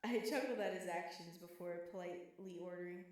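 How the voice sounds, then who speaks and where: Brief: woman narrator, lowish voice, earnest story reading, very echoey room. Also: a little fast, a little mellow. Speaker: fan fiction reader. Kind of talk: first-person fan fiction narration.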